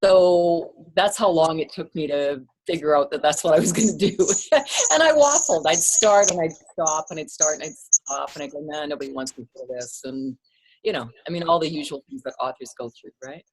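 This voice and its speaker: A woman author and artist talking openly in a remote interview, self-deprecating and relaxed, her voice a little lower than most. She speaks through a plain computer microphone rather than a headset, over a video call. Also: moderate pace. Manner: candid, self-deprecating, frequent fillers and laughs. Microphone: computer mic without headset on a video call.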